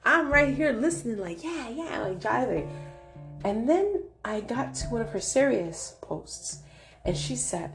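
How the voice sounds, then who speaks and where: Lively, high-pitched woman telling stories. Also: measured pace, faint music behind. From New York. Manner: animated, confrontational storyteller who acts out voices. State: hard of hearing. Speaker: vlogger. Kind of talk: casual motivational monologue.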